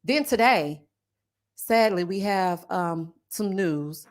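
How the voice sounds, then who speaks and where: A woman hosting a casual reality TV recap livestream. She talks straight to her viewers, reads their chat aloud, and bursts into loud laughs. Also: on the low side, expressive, takes it slowly.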